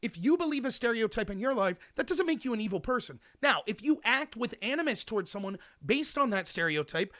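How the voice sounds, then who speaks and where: A man hosting a political talk show, giving an opinionated monologue and speaking straight to his listeners. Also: high voice. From United States. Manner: animated, opinionated, addresses listeners directly. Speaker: host.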